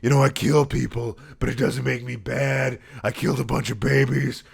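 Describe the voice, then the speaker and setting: A man's voice: medium pitch, level tone, moderate pace, vocal fry, husky. A man voicing a brooding, self-serious teenage hedgehog antihero in a comic reading of a fan story. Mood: self-pitying. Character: brooding edgy male hedgehog antihero, teen.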